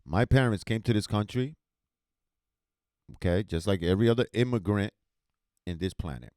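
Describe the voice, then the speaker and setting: A man's voice: lowish voice, moderate pace, darkish tone, no room sound, studio quality. A man hosting his own talk show, giving emotional, swearing commentary with strong emphasis. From United States. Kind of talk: heated commentary to camera.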